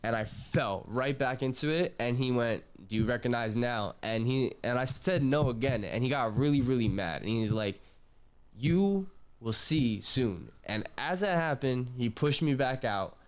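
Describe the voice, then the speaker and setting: A man's voice: medium pitch, normal speed, hardly any pauses, clean tone. A young man hosting a podcast, telling a personal story in a loose, slangy way, swearing, trailing off and restarting. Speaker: podcast host.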